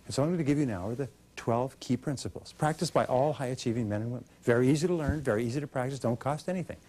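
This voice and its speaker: A motivational speaker rattles through his seminar talk rapid-fire in a darkish, medium-pitched voice. He is emphatic, asks rhetorical questions, and has his audience repeat his lines.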